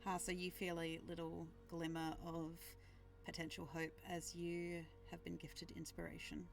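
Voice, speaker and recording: A woman running a tabletop game as game master, calmly describing what the players feel. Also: on the low side, unhurried, gravelly, soft background music.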